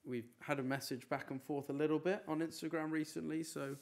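A man's voice: on the high side, fairly even intonation, creaky. A man chatting casually on a live stream, reading out his chat and answering questions in an easygoing way. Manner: chatty, easygoing, quick to brush off teasing.

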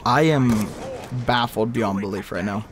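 A man's voice: lowish voice, unhurried, noisy background. A young man giving rambling live commentary over his own gameplay, talking to himself and breaking into exasperated outbursts. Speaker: gaming video creator.

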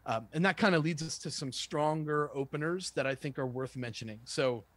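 A man who works as a sales trainer, giving a lively, conversational lesson and acting out sample phone calls. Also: fairly high pitch, a little fast, no room sound. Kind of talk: casual instructional talk with role-played calls.

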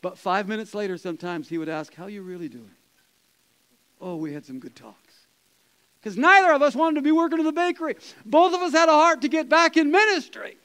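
A man, a pastor, preaching a conversational sermon, chuckling and dropping to soft quoted asides. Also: very high voice, lively intonation, a little fast, low-quality recording. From Canada.

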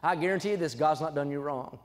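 Emphatic young preacher, echoing church. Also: male voice, fast. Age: young adult. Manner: emphatic, swings from low asides to loud exhortation. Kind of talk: sermon. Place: church sanctuary. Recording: church sanctuary with long reverb.

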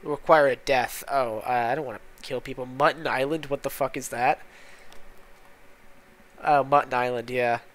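A man's voice: medium pitch, steady tone, normal speed, pauses often, fairly bright tone. A man hosting a casual gameplay commentary, muttering in frustration with lots of swearing as he plays. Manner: profane, exasperated muttering. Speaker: gaming channel host.

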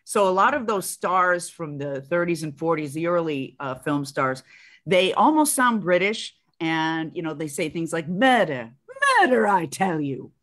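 A woman in her sixties with a Chicago accent and a notably low, deep voice. She tells stories in an animated, chatty way, full of ums, uh-s and quick restarts. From Chicago, USA. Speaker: guest actress. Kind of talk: casual interview chat.

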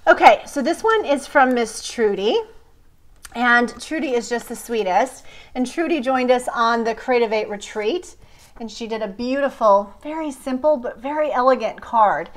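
A woman's voice: fairly high pitch, moderate pace. A middle-aged woman hosting a card-making vlog, chatting casually and gushing over cards viewers sent her. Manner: gushing, effusive, repeats praise words. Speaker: card-making channel host. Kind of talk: casual crafting vlog chat.

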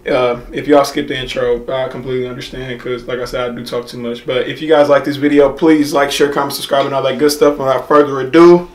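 A man in his twenties hosting a reaction video, talking casually and rambling with lots of slang, his voice hoarse and nearly gone. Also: medium pitch, fairly even intonation, fast talker, hardly any pauses. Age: 20s. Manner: rambling, filler-heavy, laid-back slang. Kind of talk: casual talk to camera. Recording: echoey room.

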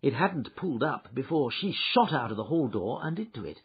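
A man reading an audiobook, voicing a shrewd male detective who recounts his adventure with lively, wry storytelling, on a dull lo-fi recording. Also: medium pitch, fairly quick, breathy edge. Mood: amused.

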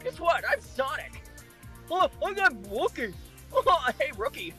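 A man's voice: extremely high pitch, wildly swooping pitch, slow pace, exaggerated voice. A man voicing a brash, crude male cartoon hedgehog hero in a goofy parody fan dub. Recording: music playing loudly under the voice.

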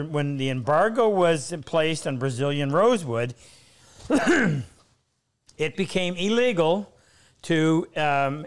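A middle-aged man hosting a live woodworking stream, chatting loosely with frequent restarts. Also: fairly high pitch. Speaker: host.

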